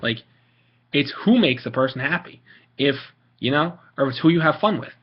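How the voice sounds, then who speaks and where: Rambling teenage boy, husky, lo-fi. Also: on the high side, expressive, moderate pace. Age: teens. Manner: rambling, many filler likes and restarts, swears. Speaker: video maker. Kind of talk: rambling casual vlog rant.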